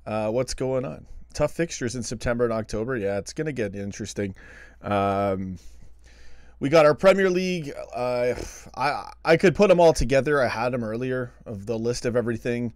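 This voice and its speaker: A man hosts a late-night live stream from his computer at home, relaxed and chatty, with easy laughs between remarks. His voice sits in a middle pitch. The sound is dry and close, with no room echo. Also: normal speed. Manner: chatty and laid-back, laughs often. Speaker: host of a live call-in fan show.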